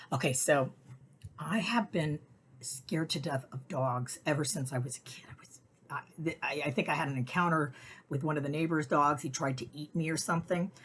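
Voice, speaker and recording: A middle-aged woman telling personal stories in a casual, chatty way, often acting out what people said in high voices. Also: slight background noise. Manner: chatty, animated, acts out quotes in high voices. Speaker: weekly message host.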